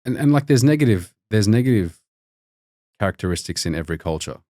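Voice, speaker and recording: A man's voice: fairly low pitch, animated, brisk, mellow, no echo, studio quality. A man from Lebanon, a podcast guest, talking casually and rambling with lots of fillers and restarts. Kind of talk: casual conversation.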